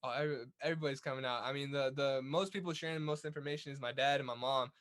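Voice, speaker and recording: A man's voice: mid-range voice, steady tone, rapid-fire, fairly bright tone. A young man from California's Central Valley, a boxer talking earnestly as a guest in a casual interview, often repeating words as he goes. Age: young adult.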